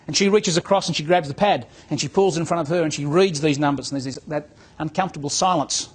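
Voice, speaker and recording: Husky man telling a story. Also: on the high side, fast talker. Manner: storytelling, acts out dialogue, repeats words. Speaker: business coach. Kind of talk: motivational talk to real estate agents.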